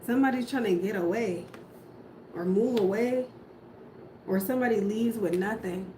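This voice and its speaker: A woman's voice: medium pitch, moderate pace, dark tone. A woman doing a casual tarot reading, musing aloud and talking bluntly, with casual swearing. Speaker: tarot reader. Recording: echoey room with audible background noise.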